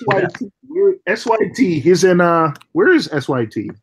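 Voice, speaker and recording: A man from Jamaica hosting a casual group chat, talking in an animated, baffled way with lots of laughter. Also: sits high, moderate pace, slight background noise. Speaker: host.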